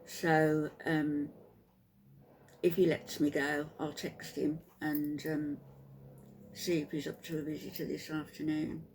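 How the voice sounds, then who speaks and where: An older woman, softly spoken and tired after a sleepless night, chatting to her viewers in a halting way with many ums. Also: low voice, flat delivery, a little hiss or hum. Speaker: vlogger. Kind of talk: casual chat to camera.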